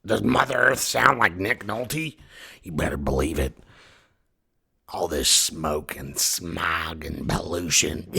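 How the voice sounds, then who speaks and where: A man voicing Mother Earth as a gruff, polluted female spirit with a raspy voice who grumbles and coughs. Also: low voice, animated, slow pace, bright, forceful tone, pitched below the performer's own voice, exaggerated voice. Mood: fed up. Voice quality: raspy, gravelly.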